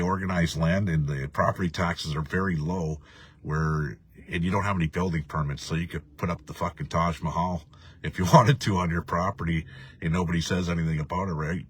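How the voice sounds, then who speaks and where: Deep husky-voiced man ranting. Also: a bit bright, no room sound. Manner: profane, rambling, laughs often. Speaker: livestream host reading viewer comments. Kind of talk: casual ranting live chat.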